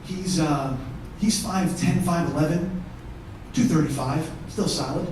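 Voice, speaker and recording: A profane stand-up comedian tells a story in his one-man show on a theatre stage, chatting and bantering with the live audience. His slightly high male voice has a darkish tone and a somewhat slow pace. A distant mic picks up roomy echo plus a little hiss or hum.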